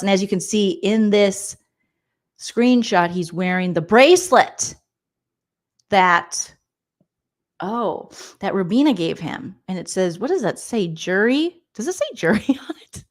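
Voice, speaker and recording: A woman's voice: lowish voice, a little slow. A young adult woman comedian recapping a reality show in a sarcastic, gossipy roast, talking straight to her viewers and mimicking the people she mocks. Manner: sarcastic, gossipy, mock-quotes people in put-on voices; chatty, addresses viewers directly.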